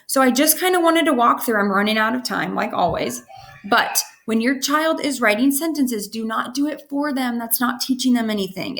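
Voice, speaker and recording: Chatty woman teacher sounding out words. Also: a little high. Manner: chatty, repeats "okay?" to check in, sounds out letters slowly. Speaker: kindergarten teacher. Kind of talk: casual teaching walkthrough for parents.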